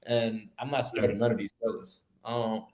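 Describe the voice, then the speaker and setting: A man's voice: on the low side, steady tone, moderate pace, a little mellow. A man co-hosting a casual real estate talk show, laid-back and slangy, laughing easily as he talks. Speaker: co-host. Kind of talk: casual podcast chat. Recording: roomy echo.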